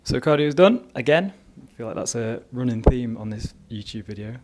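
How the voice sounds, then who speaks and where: Out in a garden, a young fitness vlogger chats to the camera in a loose, rambling way, dropping "you know" again and again. He speaks at a moderate pace with a medium-pitched, animated voice.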